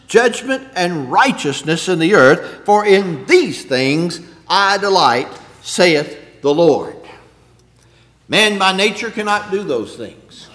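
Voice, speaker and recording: A man preaching a sermon in an earnest way, rising to loud emphasis and dropping to hushed low lines. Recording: echoey hall, long reverb.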